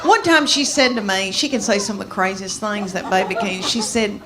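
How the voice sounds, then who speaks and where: A middle-aged woman, telling chatty, animated stand-up comedy stories on stage. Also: mid-range voice, fairly quick, a crowd in the background. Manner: folksy, chatty, animated storytelling. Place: stage before a live audience.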